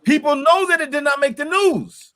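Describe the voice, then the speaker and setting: A man's voice: very high voice, moderate pace, bright, forceful tone. A man hosting a heated political discussion, ranting with heavy profanity and emphatic repetition. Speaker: host.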